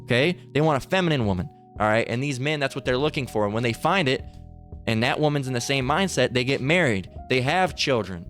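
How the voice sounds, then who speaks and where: A man's voice: medium pitch, expressive, brisk, a bit bright. A man delivers a heated preaching monologue, fiery and insistent. He trips over his words and restarts again and again. Faint music plays underneath. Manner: fiery, repetitive, with many restarts.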